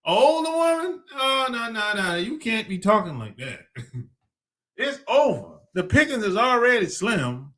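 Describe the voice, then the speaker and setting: A man's voice: high-pitched, big pitch swings, unhurried, sharp tone. A man hosting a podcast, talking in a blunt, slangy, rambling monologue and laughing often between lines. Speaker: podcast host. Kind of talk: casual monologue.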